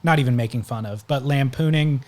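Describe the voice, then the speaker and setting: A man's voice: medium pitch, a little fast. A man hosting a podcast, casually recounting stories at length in conversation. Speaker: podcast host.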